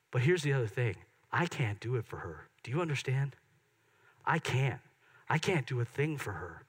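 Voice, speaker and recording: A middle-aged man preaching a sermon in church, swinging from excited loud peaks to soft hushed moments. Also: mid-range voice, a little fast, slightly rough. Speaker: pastor. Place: church sanctuary.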